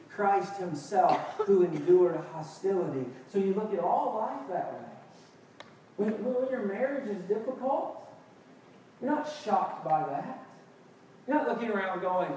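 A man's voice: high voice, warm tone, a little hiss or hum. A man preaching a sermon as pastor, building to emphatic, impassioned outbursts. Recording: echoey hall, picked up from a distance.

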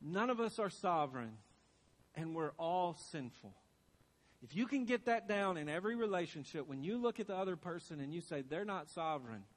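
A man preaching a sermon from the pulpit, his voice sitting high. He presses earnest questions on the congregation and hammers points home by repeating them. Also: lively intonation, a little fast. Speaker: pastor.

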